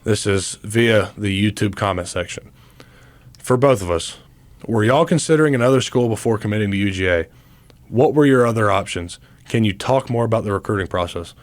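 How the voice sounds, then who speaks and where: Low-voiced laid-back young man. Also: a little fast. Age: 20s. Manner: laid-back, leans on "like" as filler. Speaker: podcast co-host, college football player. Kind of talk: casual chat.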